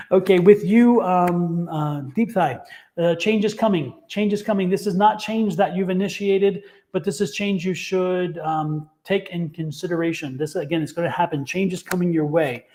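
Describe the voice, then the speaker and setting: A man's voice: high-pitched, normal speed, mellow. A man doing a livestream tarot reading, talking enthusiastically in a rambling way and laughing often. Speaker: tarot reader.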